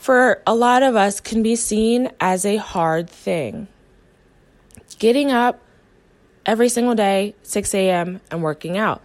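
A young adult woman from the United States, hosting a motivational podcast as a coach and speaking earnestly to her listeners. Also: medium pitch. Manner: earnest, encouraging, voices the listener's inner thoughts.

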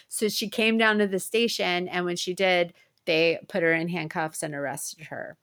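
A woman and stand-up comedian telling a true-crime story in a relaxed, chatty way, with frequent fillers. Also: lowish voice, moderate pace, few pauses. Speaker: podcast co-host; stand-up comedian and apartment manager. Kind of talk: casual true-crime chat.

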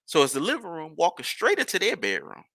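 Gravelly, animated New man. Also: fairly high pitch, quick pace, no echo, clean studio sound. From New Orleans. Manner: rambling, animated, profane storytelling. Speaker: podcast host. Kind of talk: casual storytelling.

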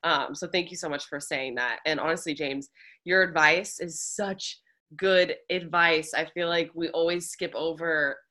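Low-voiced, bright, gushing woman. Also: fairly even intonation, unhurried. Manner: warm, gushing, chatty. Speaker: podcast co-host and choreographer. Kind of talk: casual chat.

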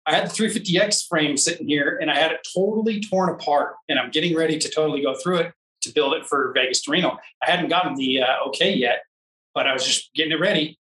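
Fast, bright, and forceful, a man's slightly high voice echoes in a room, picked up far from the mic with poor audio. The off-road racer rambles casually through a racing tale, hunting for words and acting out quoted dialogue.

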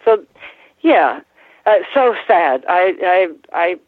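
Older woman, interview guest, halting, lots of restarts, tinny phone line, dry sound. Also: lowish voice, big pitch swings, no room sound. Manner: halting, many restarts and fillers. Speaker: former ring announcer, guest. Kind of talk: casual interview storytelling.

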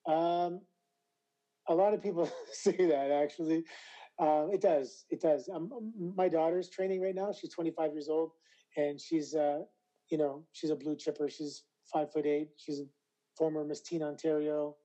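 A Canadian man in his forties, a retired wrestler, telling animated stories as an interview guest. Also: a little high, normal speed, highs cut off. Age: 40s. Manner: animated storyteller, acts out quoted voices. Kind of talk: casual interview.

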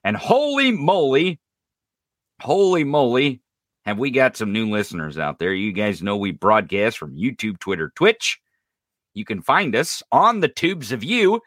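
Animated, bright-voiced podcast ranter. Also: male voice, medium pitch, measured pace, no room sound, studio quality. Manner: animated, profane ranting with laughs and sarcasm. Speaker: podcast host. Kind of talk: live-streamed political commentary.

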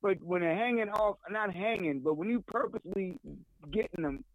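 High-voiced man ranting loudly over phone. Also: moderate pace, dry recording. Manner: loud, stammering, cursing rant. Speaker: radio show co-host calling in. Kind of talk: profane comic rant. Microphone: phone call. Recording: phone line with music behind.

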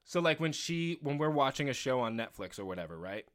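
A man co-hosting a casual chat show, telling laid-back anecdotes and mimicking others in a flat, low voice. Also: a little fast. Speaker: podcast co-host.

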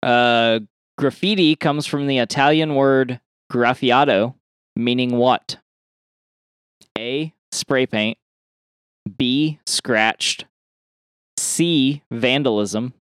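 A man's voice: medium pitch, drawn-out words, pauses often, a bit bright, clean tone, dry recording, studio quality. A man co-hosting a podcast, reading out quiz questions and multiple-choice answers in a casual chat, laughing often. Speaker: podcast co-host running a quiz.

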